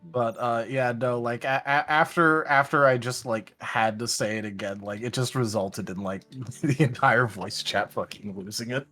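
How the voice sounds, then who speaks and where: A man's voice: medium pitch, fairly even intonation, moderate pace, bright, forceful tone, soft background music. Casual gamer guy, mid-range voice, rambling and swearing over voice chat. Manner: rambling, laughing, swears freely. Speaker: stream co-player.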